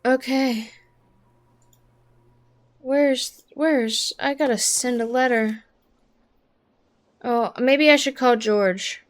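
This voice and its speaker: A woman's voice: on the high side, extremely slow, long pauses. A woman streaming a game, thinking aloud as she works through a puzzle, muttering and exasperated. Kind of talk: live game commentary. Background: background music.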